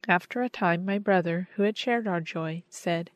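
Woman narrating a story in measured tones. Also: lowish voice, no echo. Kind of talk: scripted audiobook narration.

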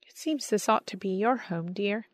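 A woman's voice: medium pitch, normal speed, no echo, studio quality, close to an everyday voice. A woman reading the part of an affectionate younger sister who speaks eagerly and wistfully.

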